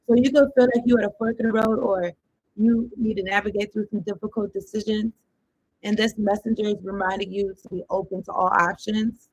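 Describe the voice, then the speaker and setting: A woman's voice: mid-range voice, slightly rough, low-quality recording. A woman giving a casual tarot reading. She rambles and thinks aloud in loose slang, with some swearing. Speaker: tarot card reader.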